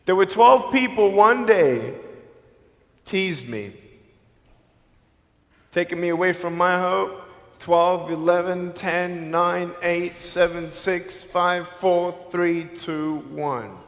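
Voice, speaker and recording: A man's voice: high-pitched, takes it slowly. Motivational speaker man in a reverberant hall. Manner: storytelling with humor, swings loud and soft. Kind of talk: motivational speech to students.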